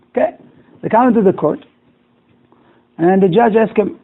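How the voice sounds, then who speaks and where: Animated rabbi, tinny recording. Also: male voice, high-pitched, moderate pace, pauses often. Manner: animated storyteller acting out dialogue, broken English. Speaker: rabbi teaching a class. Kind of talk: telling a moral story in a class.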